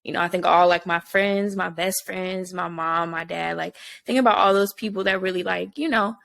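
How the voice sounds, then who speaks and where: Gravelly-voiced woman co-host, heartfelt. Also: fairly low pitch, steady tone, moderate pace, a bit bright, dry recording. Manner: heartfelt, emotional storytelling. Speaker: podcast co-host. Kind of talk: casual chat.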